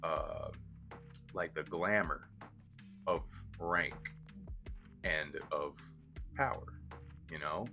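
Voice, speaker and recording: Low-voiced guy ranting casually about a movie, lots of slang and swearing, faint music behind. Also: drawn-out words, long pauses. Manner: slangy, profane, animated retelling. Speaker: film reviewer. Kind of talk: casual spoken review.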